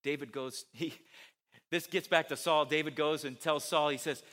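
A man preaching a sermon, animated, who asks his listeners many rhetorical questions. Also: fairly high pitch, moderate pace.

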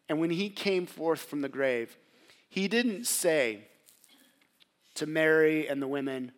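A man's voice: medium pitch, unhurried. A man preaching a sermon, dramatic, acting out biblical voices and dropping to a near whisper at tender moments. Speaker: pastor.

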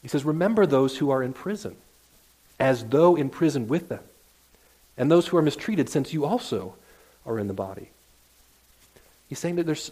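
A man's voice: a little high, darkish tone. A man preaching a sermon to his congregation in a church, earnest and conversational, often restarting his sentences as he works toward a point. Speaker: pastor. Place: church sanctuary.

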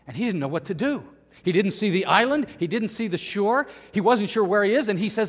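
A male pastor delivering a sermon with animated storytelling, speaking to the children and the congregation. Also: high voice, brisk, hardly any pauses, long reverb tail.

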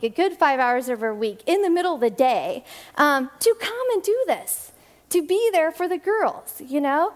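A woman who directs a church's family and children's ministry gives a chatty talk to the congregation, laughing often and acting out the voices she quotes. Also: extremely high pitch. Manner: rushed bursts of speech with restarts.

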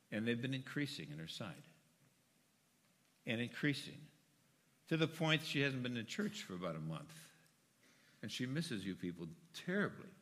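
An older man giving a personal testimony to his congregation, telling the story earnestly and moving between quiet and loud, emphatic passages. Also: on the low side, gravelly, in a large hall. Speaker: church member speaking to his congregation. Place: church sanctuary.

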